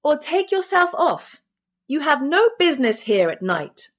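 A woman's voice: medium pitch, big pitch swings, normal speed, husky. A woman reading a storybook voices a simple-minded young boy who does not know fear. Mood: shouting.

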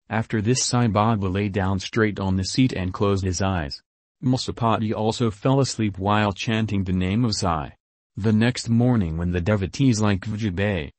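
A man narrating a devotional story in an even, measured, scripted reading. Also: fairly low pitch, no echo.

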